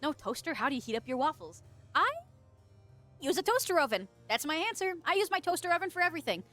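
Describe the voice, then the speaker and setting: A woman's voice: high voice, very animated, quick pace, fairly bright tone, faint music behind. A woman chatting casually on a live stream, reading chat, laughing often, swearing and teasing, with a stuffy nose, close to a desk microphone.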